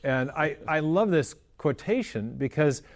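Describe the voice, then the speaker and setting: A man's voice: fairly high pitch, expressive, unhurried. A man in an interview, explaining ideas step by step in an earnest, conversational way. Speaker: interview guest explaining science.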